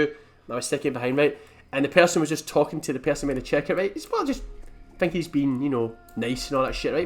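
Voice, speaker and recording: A man's voice: a little high, fairly bright tone, slight background noise. A man giving rambling, jokey, sweary commentary while playing a game. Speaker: gaming video host.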